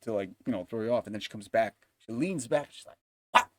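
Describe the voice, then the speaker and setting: A man's voice: on the low side, fast talker, mellow, dry recording. A young man livestreaming a game, telling rambling, profane stories and laughing often. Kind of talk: casual chat while gaming.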